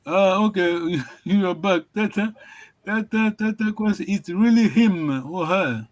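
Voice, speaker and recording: A man's voice: high voice, unhurried, rough recording. Encouraging man teaching a language online. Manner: encouraging, repeats words, laughs often. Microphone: video call.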